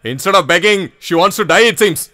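A man's voice: high-pitched, fairly quick, bright, forceful tone. An impatient gang henchman. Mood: bossy. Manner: bossy, impatient. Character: rough adult male gang henchman. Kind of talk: dubbed film acting.

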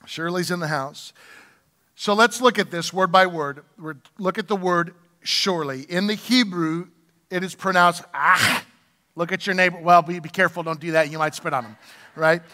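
A man's voice: sits high, normal speed, sharp tone, in a large hall. A man preaching a sermon as pastor in a church, speaking to the congregation and asking them to respond. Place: church sanctuary.

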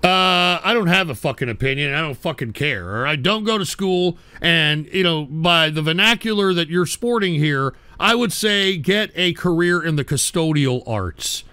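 A man's voice: a little high, expressive, normal speed, hardly any pauses, sharp tone, smooth, no room sound. Profane, mocking call-in host man. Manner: profane, insulting, mocking callers. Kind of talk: abrasive call-in radio rant.

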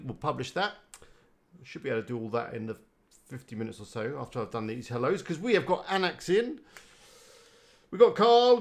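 A man chatting casually on a live stream, rambling and greeting viewers by name. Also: mid-range voice. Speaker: live-streaming website builder.

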